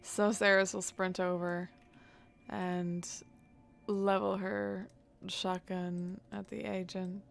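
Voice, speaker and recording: A woman's voice: medium pitch, level tone, slow pace, creaky, slight background noise. A woman playing a tabletop game, thinking aloud and muttering as she plans her character's turn. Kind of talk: casual play-by-play of a character's actions.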